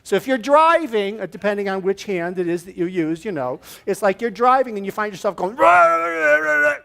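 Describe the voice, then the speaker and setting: High-voiced man giving an animated sermon. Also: fairly quick. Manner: animated, acts out little scenes and leads the audience in a gesture. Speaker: guest speaker at a church service. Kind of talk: inspirational sermon talk. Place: church room with an audience.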